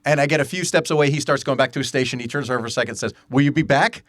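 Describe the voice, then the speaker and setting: A man talks fast on a casual podcast and fires off wry jokes and asides. His pitch is ordinary. The sound is dry and close. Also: a bit bright, dry recording. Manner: quick, joking interjections and wry asides. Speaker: podcast co-host. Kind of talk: casual chat.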